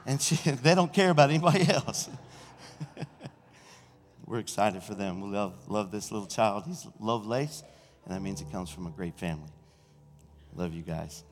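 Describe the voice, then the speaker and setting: A middle-aged senior pastor, preaching an exuberant sermon and shouting praise in a church sanctuary. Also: male voice, lowish voice, expressive, moderate pace, long pauses. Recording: reverberant church hall.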